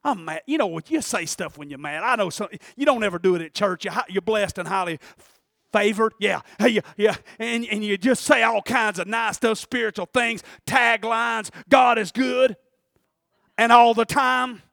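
High-pitched shouting male preacher. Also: moderate pace, vocal fry, dry recording, clean studio sound. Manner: animated, call-and-response, shouting then dropping quiet. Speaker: pastor. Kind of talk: sermon.

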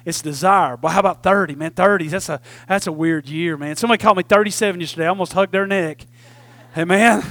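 A man's voice: sits high, fast talker, fairly bright tone, dry recording. A man, preaching a sermon in a folksy call-and-response manner. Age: 40s. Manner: call-and-response preaching, repeatedly asking "Amen?"; folksy Southern phrasing with "y'all". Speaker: pastor.

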